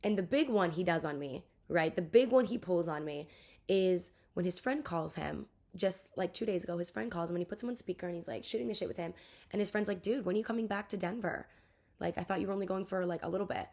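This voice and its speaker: Fast-talking young woman ranting. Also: lowish voice. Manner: fast, chatty, swears a lot, lively mock voices. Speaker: vlogger. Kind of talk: casual storytime rant.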